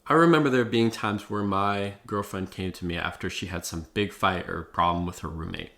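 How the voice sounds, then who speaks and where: A young man talks straight to camera, giving advice in a loose, profane vlog style. He leans on "like" and "bro" as he talks. His voice sits a little low. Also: moderate pace, creaky, a bit bright. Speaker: vlogger. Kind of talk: casual talking-head advice.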